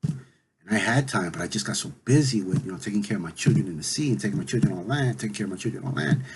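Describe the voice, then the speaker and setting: A man's voice: fairly low pitch, animated, fast, background noise. A man voicing a humble mother goddess who speaks in a flustered, self-doubting way. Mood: worried.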